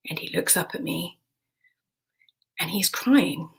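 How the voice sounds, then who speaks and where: A British woman in her forties telling a frank personal story in a hushed, intimate way. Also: on the low side, slow, gravelly, slightly rough, whispered, rough recording. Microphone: streamed stage mic.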